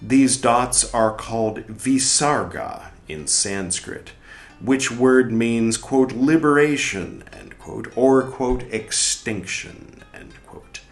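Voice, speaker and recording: A man reading a book aloud for a podcast, carefully and deliberately, now and then adding wry muttered asides. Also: medium pitch, animated, soft background music. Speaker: podcast reader. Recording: roomy echo.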